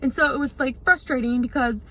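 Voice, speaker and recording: A woman's voice: sits high, brisk, fairly bright tone, rough recording. A young woman venting to the camera in a frustrated, rambling way, full of "like" fillers. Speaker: vlogger.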